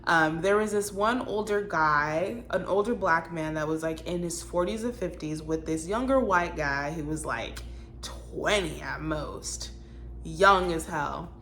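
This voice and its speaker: A woman telling a storytime vlog in a blunt, animated, exasperated way. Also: low voice, a little slow, slight background noise. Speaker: vlogger.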